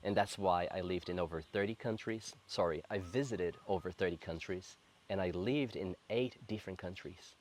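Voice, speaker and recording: Low-voiced earnest man in his thirties. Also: a little mellow, slight background noise. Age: 30s. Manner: earnest, reflective, slow and heartfelt. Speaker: spiritual coach. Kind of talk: personal spiritual storytelling to camera.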